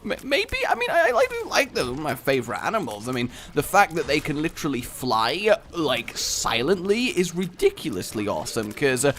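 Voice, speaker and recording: A man's voice: fairly high pitch, wildly swooping pitch, moderate pace, few pauses, a bit bright. A man giving casual gameplay commentary, rambling into playful tangents and jokes, with frequent stammered restarts. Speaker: video game commentator.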